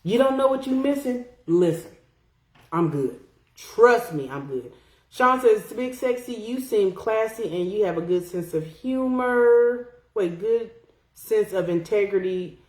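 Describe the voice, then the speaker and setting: A young adult woman hosting a podcast, chatting casually and reading comments from a live chat in a blunt, profane, animated way. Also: medium pitch, a little slow, reverberant.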